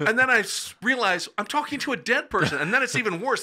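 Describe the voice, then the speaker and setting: A podcast guest from the Midwestern U.S. talks fairly quickly while animatedly telling wild stories in the studio. He brings quoted voices to life through large swings in pitch and loudness.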